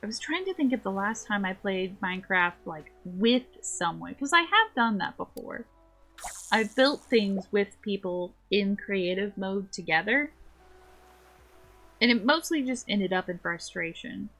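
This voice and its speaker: A woman's voice: medium pitch, expressive, a little slow, a bit bright, soft background music. A woman streaming a game, chatting casually in a playful, rambling way. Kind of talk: casual gameplay chat.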